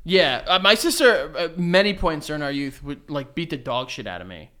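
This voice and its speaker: A man's voice: a little high, expressive, moderate pace, bright, forceful tone. A man in his twenties co-hosting a podcast, telling stories loosely with lots of swearing and fillers. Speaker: podcast co-host. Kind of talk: casual chat.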